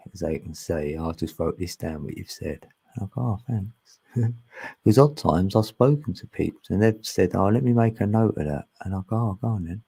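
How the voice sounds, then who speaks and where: A man's voice: low voice, creaky, mellow, breathy edge. A man talking casually and ramblingly as a channel host, often laughing. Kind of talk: casual spiritual chat. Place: long live stream.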